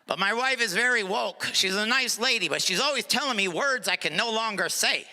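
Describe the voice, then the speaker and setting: A middle-aged male stand-up comedian performing a live set, sarcastic, sometimes dropping to a low mutter for asides. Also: lively intonation, brisk, pushed and bright. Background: audience laughter.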